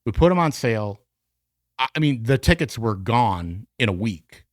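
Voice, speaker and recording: A man's voice: medium pitch, normal speed, no echo. A man swaps promoter stories on a casual podcast, acting out both sides of his phone calls. His voice sits in the middle range and is recorded close and dry, with no room sound. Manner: animated storyteller, acts out phone calls. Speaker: podcast guest, concert promoter. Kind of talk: casual bar podcast chat. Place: podcast studio.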